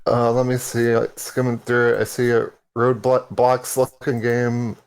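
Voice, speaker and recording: A man's voice: medium pitch, monotone, a little slow, smooth. A man on a casual podcast panel, talking in a laid-back, rambling way with lots of hesitations.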